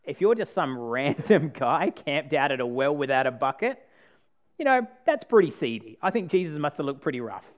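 Aussie guy giving a sermon, jokey and casual, kinda high voice, does all the characters. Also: moderate pace. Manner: animated, acts out the people in the story; casual, joking. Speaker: preacher.

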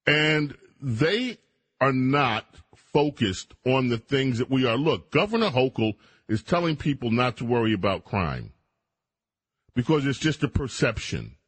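A man's voice: medium pitch, big pitch swings, a little slow, a bit bright, husky, no room sound. A middle-aged man hosting a radio talk show, giving opinionated, emphatic commentary with mocking asides.

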